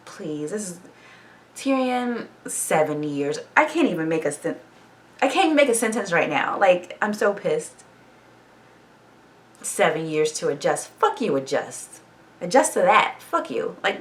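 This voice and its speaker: A woman recapping a TV episode in a casual, animated reaction vlog, swearing freely and laughing often. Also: on the low side, recorded from a distance. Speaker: TV show reaction vlogger.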